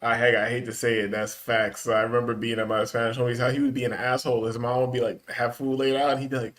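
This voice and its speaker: A man's voice: medium pitch, flat delivery, fast, a bit bright. A man hosting a casual reaction stream, reading chat aloud and riffing loosely with heavy slang and laughter. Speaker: podcast host reading chat.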